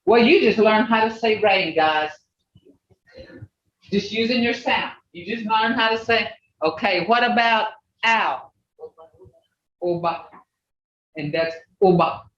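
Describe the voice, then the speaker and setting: A language teacher running an online class, folksy and plain-spoken, slowly repeating native words to drill their sounds. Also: medium pitch, a bit bright. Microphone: video call. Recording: distant, roomy, dull video-call audio with faint hiss.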